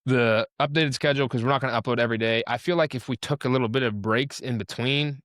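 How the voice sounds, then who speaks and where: A man's voice: mid-range voice, fairly even intonation, fast talker, fairly bright tone, dry recording, clean studio sound. A young man co-hosting a casual chat over a video call, talking in a loose, rambling way and breaking off mid-sentence. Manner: casual, rambling, self-interrupting. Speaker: co-host.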